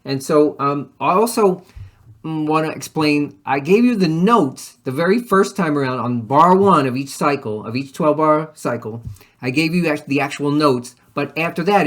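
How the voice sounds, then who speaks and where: A man teaching music, explaining rhythms in a casual, unscripted way, restarting his sentences and softly voicing rhythm syllables. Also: medium pitch.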